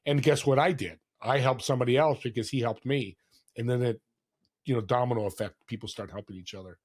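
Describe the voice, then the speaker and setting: An earnest man in his sixties speaks as a podcast guest, his voice sitting at a middle pitch. He tells a story from his own life in a heartfelt, unhurried way and briefly puts on the voices of other people in it. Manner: warm, earnest storyteller who acts out quoted voices. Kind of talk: casual storytelling interview.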